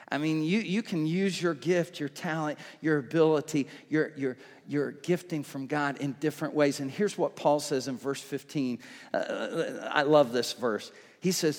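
A man preaching a sermon as pastor, talking conversationally and building to fervent, shouted passages. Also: sits high. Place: church auditorium. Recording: long reverb of a church hall.

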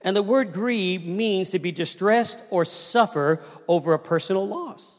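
A man in his fifties delivers a sermon in a conversational, storytelling way, calling on the congregation to answer him. His voice sits high for a man. The sound rings out with a long reverb, as in a large church. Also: a little slow. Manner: conversational storytelling preacher, asks the crowd to respond. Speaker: pastor.

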